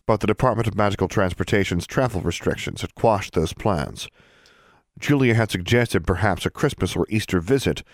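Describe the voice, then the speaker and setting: A man narrating a fantasy novel as an audiobook in a steady, even storytelling manner. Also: deep voice, dry recording, studio quality.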